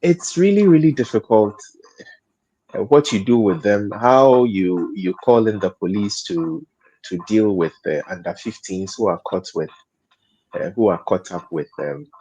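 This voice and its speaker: A man's voice: lowish voice, expressive, unhurried, dark tone, husky, muffled recording. A man speaking as a panel guest in a studio discussion, hesitant, repeating words and laughing often.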